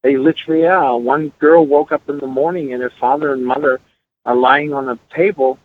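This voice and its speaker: Brisk and fairly even in intonation, his mid-range voice comes through a tinny line. The middle-aged guest musician recounts stories earnestly and with emphasis, building each point through repeated words.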